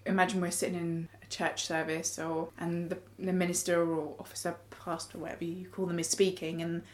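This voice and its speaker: A woman's voice: on the low side, level tone, brisk. A woman in a casual group discussion, explaining her ideas in a reflective way.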